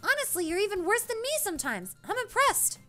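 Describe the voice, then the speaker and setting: A woman doing a bubbly high-pitched schoolgirl. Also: brisk, faint music behind, full character voice. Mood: pleading. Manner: high, excited, whiny. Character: bubbly, clingy teenage schoolgirl.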